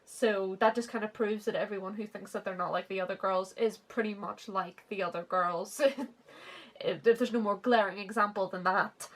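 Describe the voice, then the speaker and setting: A woman's voice: medium pitch, steady tone, moderate pace. A woman in her twenties giving a sarcastic comic read-through of her old fan fiction, laughing often and swearing. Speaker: author reviewing her teen fanfiction.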